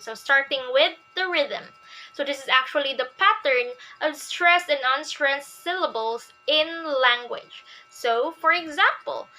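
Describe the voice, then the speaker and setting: A woman's voice: sits high, sharp tone, low-quality recording. A young woman presenting a lesson and reading examples aloud. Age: young adult. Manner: slow, reads examples aloud. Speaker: student presenter. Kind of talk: classroom presentation.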